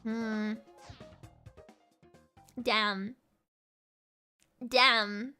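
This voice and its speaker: A woman from Britain chatting casually with viewers while playing a racing game, giggling often and breaking into loud outbursts at the game. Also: fairly high pitch, flat delivery, extremely slow, smooth. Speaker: streamer. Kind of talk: casual gaming stream chat. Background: game music.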